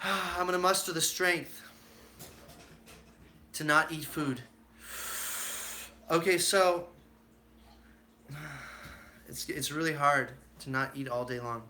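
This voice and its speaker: Brief: male live-streamer, high-ish, bright tone, chatty storyteller with lots of ums and acted quotes. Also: slow pace, long pauses, a little hiss or hum. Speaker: street magician hosting a live stream.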